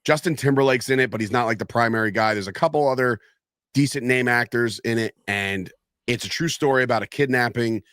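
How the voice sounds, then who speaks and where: A man's voice: medium pitch, a little fast, clear, resonant tone, no echo, clean studio sound. A man in casual chat, telling stories animatedly and swearing freely. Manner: animated storyteller who swears a lot.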